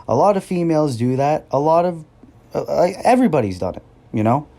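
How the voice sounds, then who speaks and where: A man's voice: fairly high pitch, very animated, brisk, gravelly, mellow. A young man in his twenties, ranting about wrestling in an angry, profane, sarcastic way, mocking people in a whiny voice. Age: 20s. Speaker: wrestling commentator. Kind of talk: heated rant.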